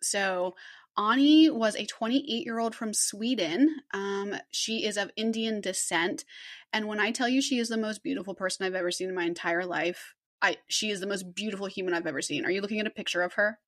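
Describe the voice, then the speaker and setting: A woman's voice: medium pitch, a little fast, a bit bright. A young woman co-hosting a podcast, chatting casually and reading a true crime case from her script with a giggle here and there. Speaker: podcast co-host presenting the case.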